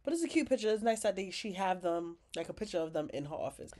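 A woman's voice: lowish voice, expressive, quick pace, darkish tone. A woman giving a casual, chatty recap of a TV episode, retelling scenes with quoted dialogue and sassy asides. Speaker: recap vlogger.

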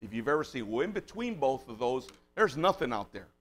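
Middle-aged pastor guy preaching, chatty stories, gets loud and punchy on the big points. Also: mid-range voice, big pitch swings, fairly quick. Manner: storytelling, conversational with rising emphatic bursts. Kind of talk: sermon.

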